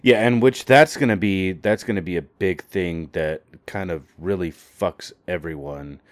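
A man's voice: sits low, unhurried, no room sound. A man in casual chat, laid-back, mostly giving short agreeing replies. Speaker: podcast co-host.

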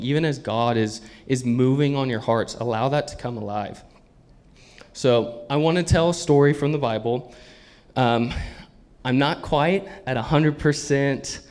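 A man's voice: medium pitch, a little mellow. A man preaching a sermon in an earnest, conversational way, often laughing as he talks.

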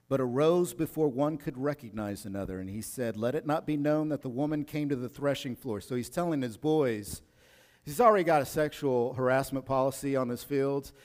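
A man's voice: mid-range voice, darkish tone, big-room sound. A male pastor preaching a sermon in a casual, slangy way, sometimes acting out the people he talks about.

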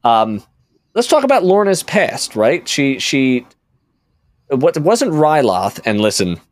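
A man's voice: medium pitch, sing-song, slow. A man hosting a casual podcast discussion, rambling and interrupting himself as he talks things through. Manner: rambling, self-interrupting storyteller. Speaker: podcast host. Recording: dry studio sound.

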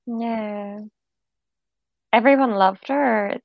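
Giggly woman with a fairly high voice. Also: very slow, creaky, dry recording, lo-fi sound. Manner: giggly, warm agreement. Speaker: pageant contestant. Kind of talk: casual chat.

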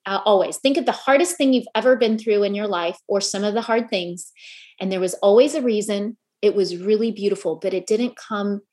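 Her medium-pitched, slightly mellow voice moves briskly as this middle-aged woman gives an earnest motivational talk at a women's gathering. She regularly puts questions to the audience.

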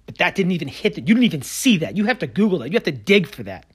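A man in a heated solo podcast rant, sarcastic and combative. His voice sits a little higher than most men's, and he swings between loud bursts and low, muttered asides. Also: very animated, fast talker, slightly rough. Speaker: podcast host. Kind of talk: solo sports opinion rant.

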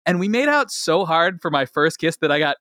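A young man telling a story on a podcast as a guest, animated and laughing, with lots of fillers and restarts. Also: on the high side, fairly quick, no echo, studio quality. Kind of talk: casual storytelling chat.

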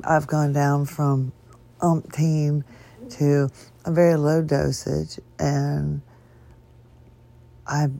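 A woman's voice: deep voice, vocal fry, mellow. A woman hosting her own podcast from her bed, talking in a wandering, tangent-prone way and chuckling now and then, her voice weak and strained as she struggles to speak. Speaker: podcast host. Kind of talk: rambling solo podcast talk. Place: in bed at home.

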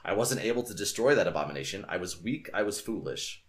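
Male alien exile living among humans, earnest and anguished; a man reads it in a lowish voice. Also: animated, fast, close to an everyday voice. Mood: despairing.

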